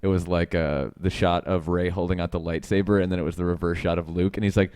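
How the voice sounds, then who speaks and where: A man on a casual film podcast, cracking quick, crude jokes. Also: sits low, level tone, a little mellow, smooth, no echo, clean studio sound. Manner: joking, quick crude quips. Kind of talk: casual chat.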